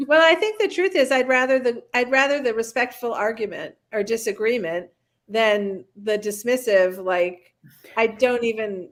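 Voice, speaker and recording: A woman's voice: fairly high pitch, moderate pace. A middle-aged woman hosting a casual parenting chat, candid and self-mocking about her own habits. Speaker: host.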